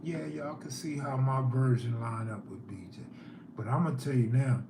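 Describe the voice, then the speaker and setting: A man's voice: mid-range voice, moderate pace, roomy sound, background noise. A man hosting a live stream, telling neighborhood stories in a laid-back way and reading chat aloud.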